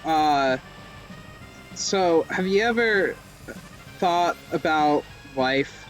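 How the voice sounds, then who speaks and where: Young guy streaming a racing game, kinda high voice, rambles and cracks dumb jokes, yelps a lot, faint music under it. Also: lively intonation, extremely slow. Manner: rambling, self-mocking jokes, sudden yelps. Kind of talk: live gameplay commentary.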